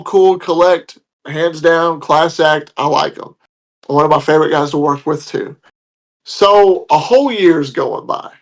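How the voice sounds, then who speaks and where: A man telling a story in casual talk, his voice sitting a little higher than usual for a man. He talks bluntly and heatedly and swears freely. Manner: blunt, profane, heated retelling. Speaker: podcast guest telling a story.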